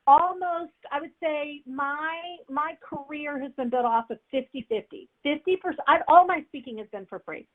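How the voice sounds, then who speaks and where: A woman teaching a webinar on public speaking, energetic and repetitive, often asking "right?" to check in. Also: high voice, moderate pace, hardly any pauses. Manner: energetic, repeats key phrases, says "right?" often. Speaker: speaking coach. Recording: tinny phone-like audio.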